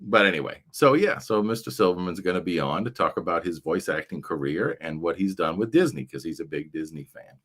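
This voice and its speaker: A man's voice: deep voice, expressive, fairly quick, a bit bright, husky. A man hosting a casual livestream chat, rambling along with frequent fillers. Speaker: livestream show host.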